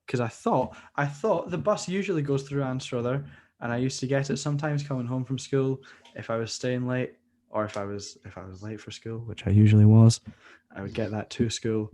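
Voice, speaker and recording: A young Scottish man co-hosting a podcast, chatting casually as he rambles through a long story. He acts out each person he quotes in turn. His voice sits in a mid pitch. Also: mellow. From Scotland. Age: young adult. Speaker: podcast co-host. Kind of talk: casual chat.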